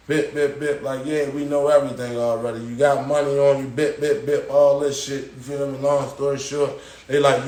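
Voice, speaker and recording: A man casually telling a long story on a live stream, dropping "yo" and "boom" as he goes and acting out the voices of others. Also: normal speed, roomy sound. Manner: animated retelling, acting out quoted guards and inmates with raised pitch; slangy, repeats "yo" and "boom". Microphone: phone.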